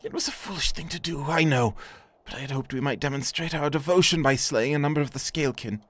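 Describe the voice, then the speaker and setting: A man's voice: on the high side, fast, a bit bright, dry recording, voice pushed up. A man voicing an earnest young nobleman in a video game, speaking in formal, old-fashioned words with a heavy heart. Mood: solemn.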